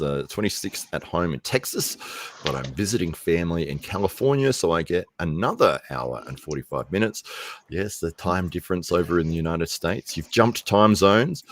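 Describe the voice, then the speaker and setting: Deep-voiced Australian man chatting on stream. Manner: chatty, laughs often, acts out voices in anecdotes. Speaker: livestream host. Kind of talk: casual chat.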